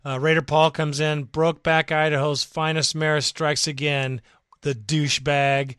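A man's voice: on the high side, little pitch movement, unhurried, fairly bright tone, clear, resonant tone, no room sound, clean studio sound. A man hosting a fan podcast, ranting with emotion and profanity, his voice worn out. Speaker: podcast host. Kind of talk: impassioned fan podcast rant.

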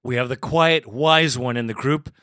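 A man's voice: mid-range voice, normal speed, no echo, clean studio sound. A man hosting a fan podcast, swearing and laughing as he runs a mock group therapy session. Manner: profane, laughing, animated. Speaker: podcast host.

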